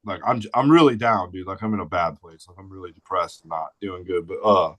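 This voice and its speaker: Chatting casually on a podcast, this St. Louis-area guest in his forties spins blunt, relaxed stories full of profanity and "dude." He speaks a little fast in a low, slightly bright voice, recorded without echo.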